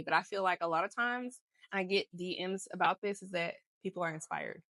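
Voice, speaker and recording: A woman's voice: on the low side, a little fast, fairly bright tone, no room sound. A woman co-hosting a podcast, chatting casually about her work and life, laughing often and going off on tangents. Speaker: podcast co-host. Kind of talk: casual chat.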